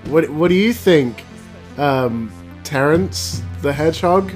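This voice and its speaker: A man's voice: fairly high pitch, animated, takes it slowly, soft background music. A man voicing an eager young fox boy who rambles earnestly and preaches safety.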